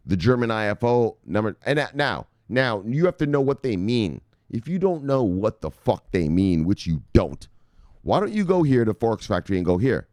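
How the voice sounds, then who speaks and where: A man hosting a crypto news show, talking casually and brashly to his viewers, swearing often and reading out viewer shout-outs. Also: on the low side, no echo, studio quality. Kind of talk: casual profane market commentary to viewers.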